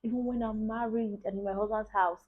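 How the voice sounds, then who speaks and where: A Nigerian woman in her twenties with a Nigerian accent telling a personal story in a casual, animated way, often checking in with the viewer. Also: mid-range voice, a little fast. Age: 20s. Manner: animated, talks straight to the viewer with repeated asides. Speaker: vlogger. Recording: tinny lo-fi phone-like audio.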